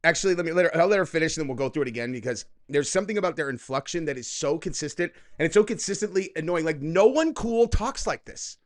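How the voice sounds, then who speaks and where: A man's voice: fairly high pitch, very fast, hardly any pauses. Sarcastic ranting male commentary host. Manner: sarcastic, mocking, loud outbursts.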